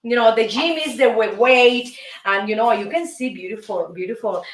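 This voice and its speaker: A middle-aged woman from Cuba with a Cuban Spanish accent, teaching a salsa dance lesson and counting the beats aloud in a lively, encouraging way. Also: fairly high pitch, normal speed. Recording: roomy sound from a distance, music behind.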